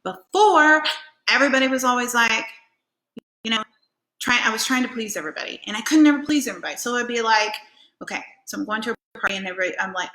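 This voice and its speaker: A woman giving a casual motivational talk as a life coach, chatty and animated, acting out little scenes and swearing casually. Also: fairly high pitch, fast. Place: indoor room at home. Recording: echoey room.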